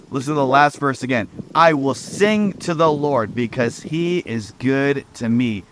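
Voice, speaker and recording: A man's voice: moderate pace, few pauses, fairly bright tone, a little hiss or hum. A man, a pastor, giving a short devotional message in an earnest way, with fillers and repeated words. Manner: earnest, rising pitch when reading scripture; uses fillers and repetition.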